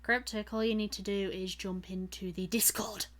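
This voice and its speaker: A woman's voice: mid-range voice, steady tone, normal speed. A woman hosting her live stream in casual chat, laughing often between her lines.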